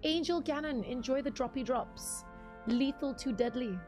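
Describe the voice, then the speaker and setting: A woman's voice: sits high, moderate pace, a little mellow, soft background music. A young woman streamer chatting casually with her live chat, giggly and talkative, reading out viewer names.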